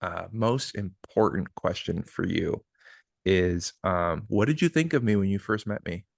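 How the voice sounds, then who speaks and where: A man's voice: low voice, a little slow, vocal fry, dry recording, clean studio sound. A man hosting a podcast, chatting casually in an upbeat, joking and rambling way over a video call. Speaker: podcast host. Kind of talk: casual chat.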